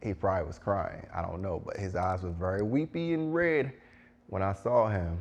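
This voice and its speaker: A man's voice: low voice, normal speed, darkish tone. A man giving emphatic, preachy advice to teachers, repeating phrases for stress. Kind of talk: direct-to-camera advice talk.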